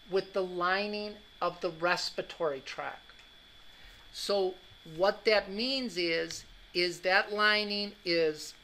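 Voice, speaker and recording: A man's voice: high-pitched, bright, forceful tone, poor audio. A man giving a classroom anatomy lecture, joking and quizzing students as he goes. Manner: joking, drills students with questions.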